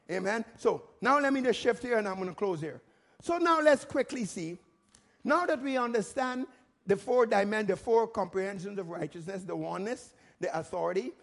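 Male pastor, unusually high-pitched, emphatic sermon delivery that climbs to shouts. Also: vocal fry. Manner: emphatic preaching with rhetorical questions, rising to shouts.

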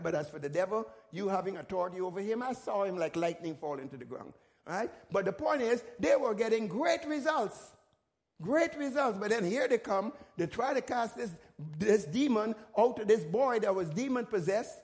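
A man's voice: high-pitched, expressive, moderate pace, darkish tone. A middle-aged male pastor preaching a sermon, repeating phrases and checking in with the congregation. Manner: repeats words in restarts, calls out to the congregation.

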